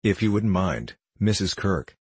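A man reading the lines of a tired, pregnant miner's wife in an audiobook, speaking quietly and plainly. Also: deep voice, expressive, measured pace, husky, no echo, full character voice.

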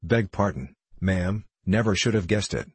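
A man's voice: low voice, lively intonation, measured pace, slightly rough, no room sound, exaggerated voice. A man voicing a confident, teasing teenage boy in a free and easy tone, reading a storybook. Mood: breezy.

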